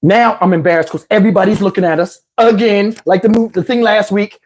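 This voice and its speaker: Male storyteller, husky, animated and foul-mouthed, acts out the other voices. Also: high-pitched, brisk. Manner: animated, profane, acts out every voice. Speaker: channel host. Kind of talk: comic storytime monologue.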